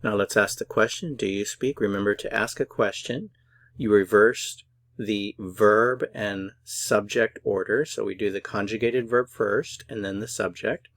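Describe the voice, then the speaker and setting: Male language teacher, lower voice, slow and patient syllable-by-syllable drilling. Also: fairly even intonation, fairly bright tone, no echo. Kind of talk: slow, careful pronunciation lesson.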